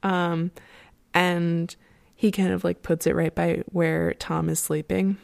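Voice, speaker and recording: A woman's voice: fairly low pitch, level tone, slow pace, vocal fry, darkish tone. A young woman casually retelling an opera plot, rambling with many fillers and frequent laughs.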